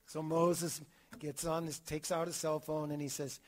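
Brief: male catechism teacher, slightly higher voice, animated, acts out quotes, frequent restarts. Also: normal speed. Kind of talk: theology class lecture.

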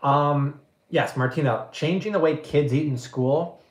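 A man with a fairly high voice hosts a live cooking stream from his kitchen. He answers viewer questions in a casual, slangy and emphatic way. The room gives his voice a clear echo. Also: measured pace. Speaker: cooking show host.

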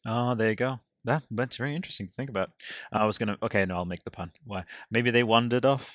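A man's voice: lowish voice, quick pace, fairly bright tone, no echo, highs cut off. A man hosting a podcast in casual chat, rambling and joking with frequent laughter, over a remote call mic. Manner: rambling, jokey, laughs often. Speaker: podcast host.

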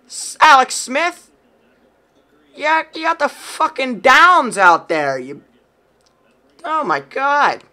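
A man giving profane let's-play commentary, reacting loudly to gameplay. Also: very high-pitched, lively intonation, slow, long pauses. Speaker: gaming YouTuber. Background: music playing.

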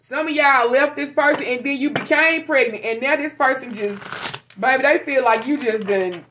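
Giving her viewers a casual tarot reading, a woman talks in a loose, chatty, frank way, cursing freely, animated and quick to laugh. Her voice is slightly high, and there's a little hiss or hum in the audio.

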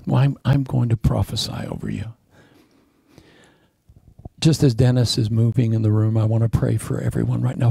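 A man preaching a sermon as a pastor, swinging from loud emphatic lines to hushed, almost whispered prayer. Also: medium pitch, moderate pace, gravelly, breathy edge, dry recording.

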